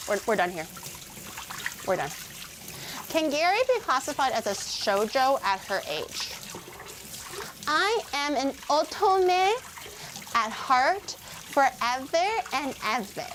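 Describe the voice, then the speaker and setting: A woman's voice: sits high, big pitch swings, slow, long pauses, a little hiss or hum. A young woman cooking on a livestream, chatting casually with her viewers, teasing them, swearing and laughing often. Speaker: cooking streamer.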